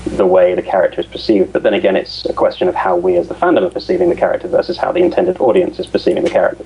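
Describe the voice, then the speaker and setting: Low-voiced hesitant man chatting. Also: gravelly, darkish tone, husky, low-quality recording. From grew up mainly in the US, now lives in the UK. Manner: hesitant, self-deprecating, many restarts. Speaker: podcast guest. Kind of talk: casual podcast chat.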